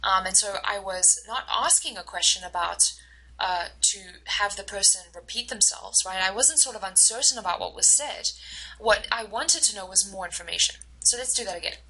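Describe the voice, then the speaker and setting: A woman with a bright, slightly husky voice teaches a recorded lecture. She explains step by step, pauses on fillers, and acts out short example exchanges to make each point. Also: mid-range voice, low-quality recording. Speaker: instructor.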